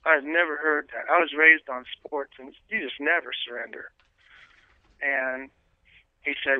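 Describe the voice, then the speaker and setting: A man, a priest, earnestly telling his life story as an interview guest, pausing often with fillers and restarts. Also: on the high side, no echo. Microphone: telephone. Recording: tinny dry phone line.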